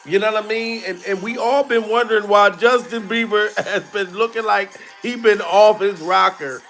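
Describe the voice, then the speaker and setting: Brief: high-pitched male comedian, slow drawl, laughs and curses, faint music behind. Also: a bit bright. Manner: drawn-out, laughs often, swears freely. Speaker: comedian commentator. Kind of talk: casual gossip commentary.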